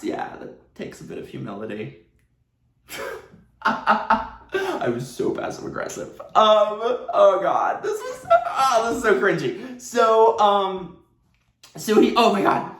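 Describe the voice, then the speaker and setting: A man telling a casual storytime at home, animated and sarcastic, laughing often. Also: a little high, measured pace. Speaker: vlogger. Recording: roomy echo.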